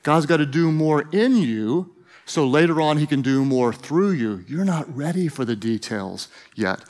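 In a church auditorium, a middle-aged pastor gives a humorous, energetic sermon, joking with the congregation in a playful, emphatic way. His voice is a little high, expressive, and slightly mellow, and he speaks unhurriedly.

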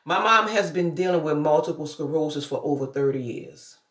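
A woman's voice: deep voice, brisk. Chatty woman vlogging in an echoey room. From New Orleans. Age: 50s. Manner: chatty, preachy asides, loose slang. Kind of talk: casual vlog talk.

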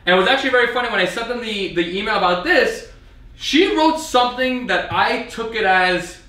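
A man's voice: sits high, brisk. A man hosting a vlog, telling a story casually and with exasperation, acting out the messages he traded. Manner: animated, exasperated retelling with quoted exchanges. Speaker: video host reviewing an arcade cabinet. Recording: echoey room, mic at a distance.

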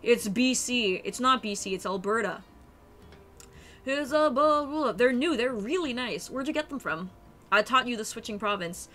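A young woman livestreaming, her voice bright and fairly high, talking in a chatty, animated way. She reacts to her viewers as she plays and laughs easily. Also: moderate pace, slight background noise. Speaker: streamer. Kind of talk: casual live-stream chat with viewers.

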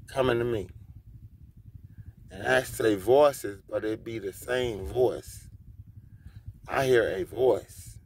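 A man muses about his faith in an unhurried, drawn-out way. His pitch sits in the middle range for a man. He sits outside his workplace and keeps breaking off to exclaim or hum to himself. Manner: slow, rambling, exclaims and hums to himself. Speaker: vlogger. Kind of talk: casual spiritual monologue.

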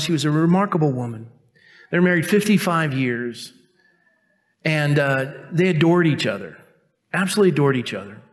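Male pastor, fifties, sermon, chatty storytelling, self-mocking, voice a bit high. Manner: conversational, self-mocking, acts out quoted voices. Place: church sanctuary.

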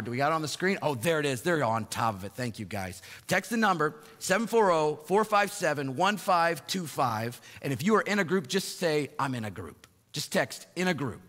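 Pastor preaching in a reverberant sanctuary. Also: male voice. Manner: rises in pitch and volume for emphasis, then drops soft and slow. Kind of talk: sermon. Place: church sanctuary. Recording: long hall reverb.

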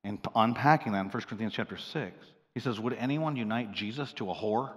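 A man preaching a sermon as a pastor, joking with the congregation and swinging from loud outbursts to quiet asides. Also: fairly low pitch, quick pace, long reverb tail. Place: large church hall.

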